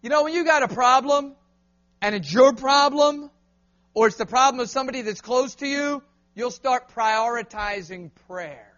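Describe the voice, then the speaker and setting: A man preaching a lively sermon in a church, calling on the crowd to answer him back. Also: very high-pitched, moderate pace, lo-fi sound. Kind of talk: lively call-and-response sermon.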